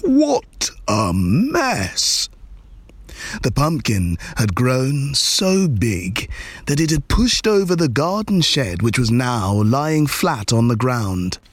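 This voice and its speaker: A man reads a children's story aloud at an unhurried pace. His voice swoops up and down with lively expression, and he savors each repeated word. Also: medium pitch, slightly rough, no echo. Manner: slow, expressive, lingering on repeated words.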